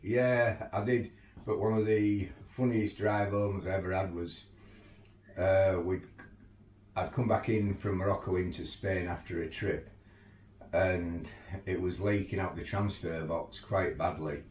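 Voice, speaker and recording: A man's voice: low voice, fairly even intonation, measured pace, darkish tone. A man who works as an overland tour guide, casually telling stories and laughing through them. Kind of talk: casual anecdotal storytelling. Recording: roomy, distant mic, faint ambience.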